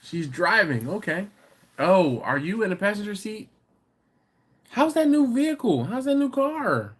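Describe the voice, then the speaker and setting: A man with a high-pitched, very animated voice and a breathy edge hosts a laid-back livestream. He reads comments from viewers and jokes back, teasing, chatting and laughing quickly.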